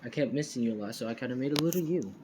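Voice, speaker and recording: Ein Mann, der eine junge, verliebte Freundin in einer erzählten Fan-Geschichte spricht, leicht und verspielt. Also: male voice, mid-range voice, lively intonation, rapid-fire, background noise, close to an everyday voice. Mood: affectionate. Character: young woman, the hero's affectionate girlfriend.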